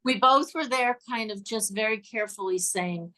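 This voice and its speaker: A woman's voice: mid-range voice, moderate pace, sharp tone. An older woman, a guest in a casual interview, telling chatty stories, laughing often and repeating words. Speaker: guest, former cue card writer.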